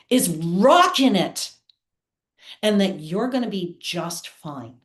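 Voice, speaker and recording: A woman guest on an interview show, telling personal stories in an earnest, heartfelt way. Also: medium pitch. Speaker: guest, theatre producer. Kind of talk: candid personal storytelling. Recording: roomy echo.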